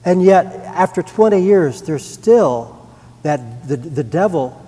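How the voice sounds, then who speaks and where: A man's voice: on the high side, lively intonation, slow, dark tone, slightly rough, in a large hall. A middle-aged man giving a personal testimony to a congregation, earnest and rising to emphatic. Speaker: church member giving testimony.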